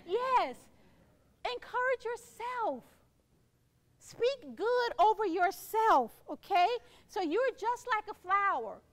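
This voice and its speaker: Very high-voiced woman giving an upbeat keynote. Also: very animated, takes it slowly. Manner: encouraging, playful, acts out quoted voices. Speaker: keynote speaker. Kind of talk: motivational keynote speech.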